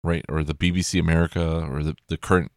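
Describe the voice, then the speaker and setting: Very deep-voiced man rambling casually. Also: flat delivery, fast talker, darkish tone, dry recording, clean studio sound. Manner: rambling, profane, restarts and self-corrections.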